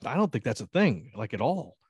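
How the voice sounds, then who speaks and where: A man's voice: medium pitch, sing-song, a little fast, darkish tone, breathy edge, dry recording, clean studio sound. An American man co-hosting a casual podcast chat, crude and laughing often. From United States. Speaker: podcast co-host.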